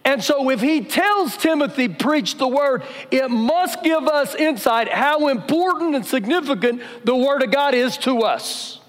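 Male pastor, high-pitched, emphatic live sermon, lingering church reverb. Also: animated, unhurried, hardly any pauses. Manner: emphatic preaching, repeats key phrases. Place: church sanctuary during a service.

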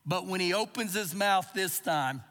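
High-voiced, bright male preacher. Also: normal speed. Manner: expository preaching with dramatized quotes. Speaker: pastor. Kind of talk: sermon. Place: church service. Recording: live service with long reverb.

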